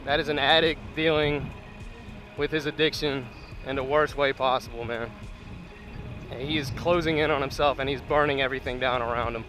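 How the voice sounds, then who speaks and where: Bright-voiced earnest man speaking to viewers. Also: mid-range voice, steady tone, a little fast, faint music behind, poor audio. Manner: earnest, direct address to viewers. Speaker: commentator. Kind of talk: commentary vlog.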